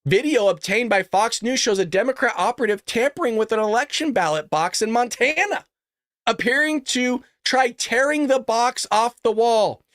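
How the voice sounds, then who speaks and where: A man's voice: very high-pitched, animated, moderate pace, a bit bright, dry recording, studio quality. A man hosting a political podcast, reading news aloud with sarcastic, profane asides and mocking put-on voices. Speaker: podcast host.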